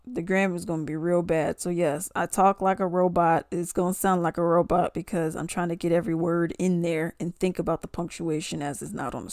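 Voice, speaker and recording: A woman's voice: on the low side, a little mellow, dry recording, clean studio sound. A woman giving casual commentary, reading posts aloud and questioning the wording. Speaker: commentary vlogger.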